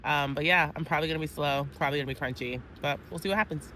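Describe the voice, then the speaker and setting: A woman's voice: low-pitched, very fast, bright, forceful tone, a little hiss or hum. A woman vlogger talking casually to her camera, chatty and rambling with frequent fillers. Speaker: crafting vlogger. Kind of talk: casual vlog chat.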